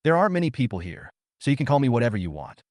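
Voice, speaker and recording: A man narrating a proud, angry schoolgirl who snaps back with indignant retorts, her lines pitched a little above his usual voice. The sound is dry and close with no room around it. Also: big pitch swings, racing, darkish tone, dry recording, lightly acted. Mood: hushed coaxing. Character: angry proud schoolgirl, young adult woman.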